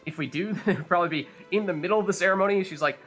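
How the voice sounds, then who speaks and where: A chatty gamer thinks out loud in a bright, slightly high voice while playing. His talk runs loose and casual, with game music faintly in the background. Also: rapid-fire. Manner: chatty, thinking aloud, laughs. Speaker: let's play host. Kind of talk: casual gameplay commentary.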